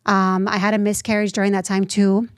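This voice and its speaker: A woman in her thirties, a nonprofit founder telling her story as an interview guest, lively and acting out the voices she quotes. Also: mid-range voice, brisk, smooth, no echo, clean studio sound. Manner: animated, acts out quoted voices.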